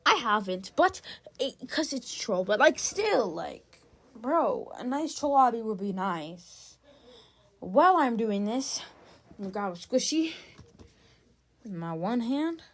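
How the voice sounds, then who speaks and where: A woman's voice: on the high side, big pitch swings, slow pace, pauses often, a bit bright. A young woman giving casual gameplay commentary, chatty and exasperated, talking straight to her viewers. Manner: chatty, exasperated, talks to chat. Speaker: gaming vlogger.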